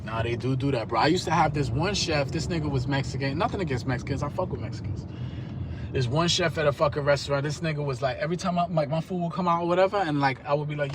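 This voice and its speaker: A man's voice: a little high, fast, noisy background. A man in his thirties telling rambling, profane stories in streetwise slang on a live stream. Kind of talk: casual storytelling rant.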